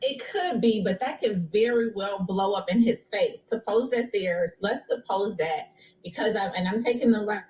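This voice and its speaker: A woman's voice: mid-range voice, moderate pace, a little mellow, lo-fi sound, a little hiss or hum. A woman giving legal analysis on television, explaining her view step by step with confidence. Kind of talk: TV legal commentary.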